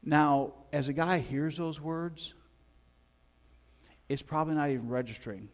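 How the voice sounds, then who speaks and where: Conversational preacher with a slightly high voice. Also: male voice, a little slow. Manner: conversational, folksy, asks the listeners questions. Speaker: pastor. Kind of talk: sermon.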